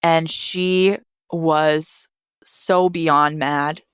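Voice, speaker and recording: A woman's voice: low-pitched, fairly even intonation, drawn-out words, a bit bright, clear, resonant tone, dry recording, clean studio sound. A young woman frankly telling her own story as a podcast guest, blunt and swearing freely. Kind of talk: candid first-person storytelling.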